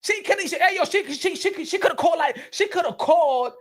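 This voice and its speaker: A man hosting a small boxing channel, ranting comically, laughing and repeating lines with shouted bursts. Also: extremely high pitch, expressive, fairly quick. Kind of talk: comedic rant commentary.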